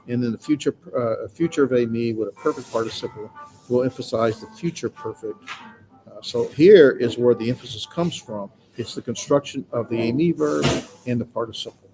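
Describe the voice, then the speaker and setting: A man's voice: mid-range voice, low-quality recording. A man teaching a classroom lecture on grammar, explaining patiently and reassuringly with frequent filler sounds. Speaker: Greek grammar instructor. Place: classroom with students.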